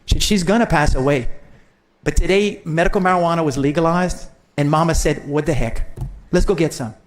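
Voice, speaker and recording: A man's voice: on the high side, fairly quick. A man, a state senator giving a folksy, storytelling farewell speech to the legislature.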